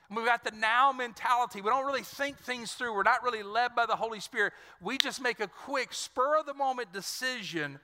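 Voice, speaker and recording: A man's voice: sits high, brisk, bright, forceful tone, clear, resonant tone, in a large hall. A man from Louisiana, preaching a sermon and telling stories straight to his congregation. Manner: storytelling, addresses congregation directly. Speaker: pastor.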